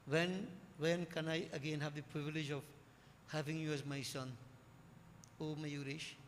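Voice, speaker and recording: A man's voice: fairly high pitch, flat delivery, moderate pace, slight background noise, close to an everyday voice. A man voicing a devoted divine mother longing to have her son again. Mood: yearning. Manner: yearning, imploring. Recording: echoey hall with faint ambience.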